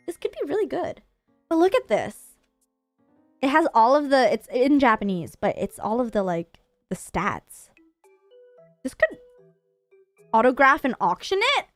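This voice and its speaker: A woman from Canada with a Canadian English accent, hosting a casual livestream chat in a playful, chatty way with quick laughs. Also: on the high side, big pitch swings, no room sound, soft background music. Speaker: livestream host.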